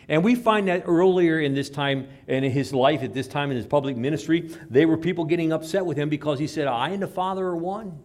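A man preaching a sermon as pastor, swinging between loud emphatic lines and low, quiet asides.

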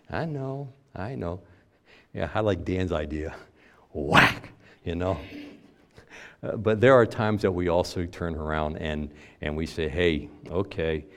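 An older male pastor preaches a sermon to his congregation in a low voice. His delivery is conversational, slow, and full of long pauses, with some phrases pushed out loudly for emphasis and others dropped into quiet asides.

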